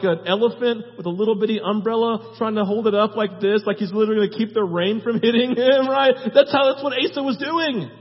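A man preaching a sermon, emphatic and repetitive, building long lists and tagging phrases with "right?". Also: very high voice. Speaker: pastor. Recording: long hall reverb, dull sound.

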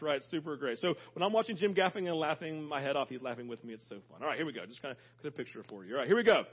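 A man's voice: fairly high pitch, rapid-fire, few pauses, slightly rough, lo-fi sound. A man preaching a sermon as pastor, telling stories animatedly and talking straight to the congregation. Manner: animated storytelling, talks directly to congregation.

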